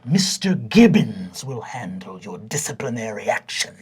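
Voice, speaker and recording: A man voicing a stern, pompous male vice principal in a tabletop game, lecturing in a hushed, menacing tone. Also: medium pitch, very animated, unhurried, breathy edge, full character voice.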